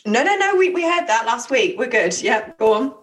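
A woman co-hosting a casual chat show, playful and teasing with quick replies. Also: on the high side, sing-song, a bit bright. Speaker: co-host. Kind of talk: casual radio-style chat.

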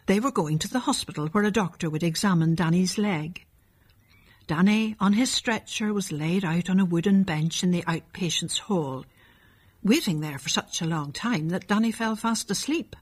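Husky woman reading a story. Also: on the low side, moderate pace. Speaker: narrator. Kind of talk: storybook narration.

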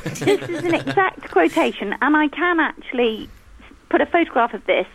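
A woman's voice: high-pitched, expressive, moderate pace, fairly bright tone, poor audio. A middle-aged woman, a landscape gardener chatting on the radio in an amused, teasing way. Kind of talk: casual radio chat.

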